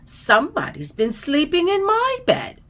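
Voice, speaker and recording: A woman voicing a small, upset boy bear cub with a high, squeaky voice in a storybook read-aloud. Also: huge pitch swings, a little slow, fairly bright tone, full character voice. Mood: excited.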